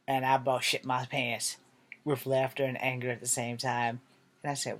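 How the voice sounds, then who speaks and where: A man's voice: mid-range voice, flat delivery, moderate pace. A man telling a personal story to the camera in a candid, rambling way, swearing freely as he goes. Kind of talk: casual storytelling monologue.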